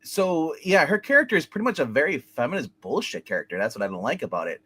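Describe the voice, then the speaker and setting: A man's voice: on the high side, big pitch swings, fast talker, fairly bright tone, husky, no room sound. A man reviewing a film in casual chat, rambling with lots of fillers and restarts, acting out characters' lines as he goes. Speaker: movie reviewer. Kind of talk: casual podcast movie review.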